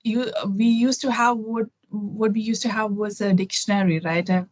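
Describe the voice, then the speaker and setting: A woman's voice: mid-range voice, fairly even intonation, moderate pace, no echo. A middle-aged woman from Kerala with an Indian accent, a guest in a casual conversation over a video call, thoughtful and full of fillers and restarts.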